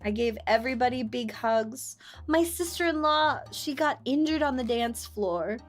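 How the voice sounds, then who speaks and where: A young woman streamer chatting casually, telling family stories with playful, loud acted-out quotes. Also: a little high, lively intonation, normal speed, soft background music. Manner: chatty storytelling, playful, acts out quotes loudly. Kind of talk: casual chat.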